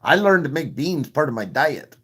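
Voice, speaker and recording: A man's voice: fairly high pitch, big pitch swings, normal speed, a bit bright, slightly rough. A man telling crude, self-mocking stories on a live stream, laughing at his own jokes between coughing fits. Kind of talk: crude comic storytelling.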